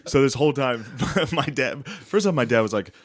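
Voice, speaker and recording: A man's voice: medium pitch, animated, normal speed. A man in his thirties from Pennsylvania co-hosting a casual podcast chat, laughing often and acting out quotes. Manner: laughs often, swears freely, acts out quotes. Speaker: podcast co-host.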